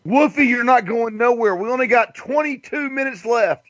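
A man's voice: very high voice, normal speed, fairly bright tone, dry recording, lo-fi sound. A man from the American South hosting a stream, joking and reading the chat aloud. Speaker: host. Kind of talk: casual chat.

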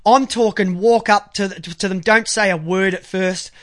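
A man ranting crudely to camera, halting when he reads aloud. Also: high-pitched, fairly even intonation. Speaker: vlogger. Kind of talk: angry profane monologue to camera.

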